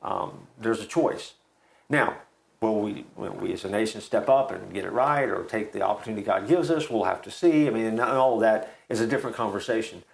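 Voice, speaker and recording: Male co-host, reflective and halting, gravelly texture. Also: on the low side, rough recording. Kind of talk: casual chat.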